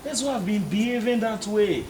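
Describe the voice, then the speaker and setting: A man's voice: sits high, moderate pace, roomy sound, distant mic, background noise, natural voice. An actor with a Nigerian Pidgin accent playing a lovestruck male neighbor who rambles and pleads desperately. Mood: pleading. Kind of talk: comedy film acting. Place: outdoor residential compound.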